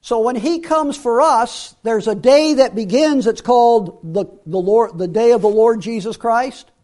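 High voiced guy preaching a bible lesson, emphatic, keeps repeating himself. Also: unhurried. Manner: emphatic, repeats phrases, drops to quiet asides. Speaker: Bible teacher. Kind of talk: Bible teaching sermon.

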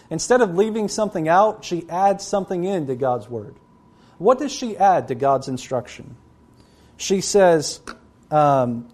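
Man, preacher, sermon, emphatic, stern scripture reading, slightly high voice. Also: darkish tone.

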